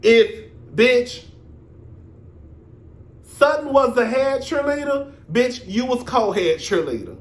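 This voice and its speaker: A man hosting his own reality TV review vlog, talking in a sassy, animated, profane gossip style with drawn-out emphasis. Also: extremely high pitch, reverberant. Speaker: reality TV reviewer, show host. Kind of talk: casual commentary vlog.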